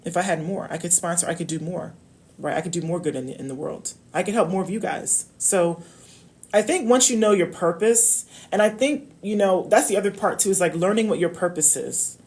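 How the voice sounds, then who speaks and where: A woman's voice: on the low side, brisk, a little mellow. A woman coaching on love, talking casually and emphatically to viewers on a live stream. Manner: emphatic, preachy, addresses viewers as y'all.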